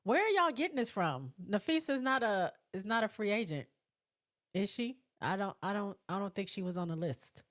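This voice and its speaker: A woman hosting a live chat show, reading viewer comments and answering them casually, clearing her throat often. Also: medium pitch, big pitch swings, normal speed, fairly bright tone. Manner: chatty, reacts to each comment.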